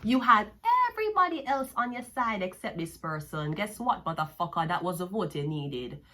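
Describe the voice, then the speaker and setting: Bright, profane Jamaican woman reading tarot. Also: fairly low pitch, sing-song, moderate pace. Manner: profane, mocking and sassy, with frequent laughs. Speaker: tarot card reader.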